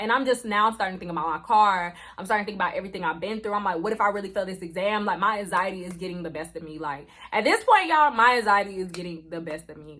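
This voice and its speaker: A woman's voice: mid-range voice, a bit bright. A young woman in her twenties telling a personal story to camera in a casual vlog, chatty and emotional, leaning on "like" and "y'all" as she goes from anxious to deflated. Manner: chatty, heavy use of "like" and "y'all". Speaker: vlogger.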